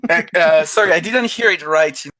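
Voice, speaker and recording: A man's voice: a little high, expressive, moderate pace, a crowd in the background. A man with a French accent, a game creator talking carefully and hesitantly in an online interview. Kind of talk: casual video-call interview.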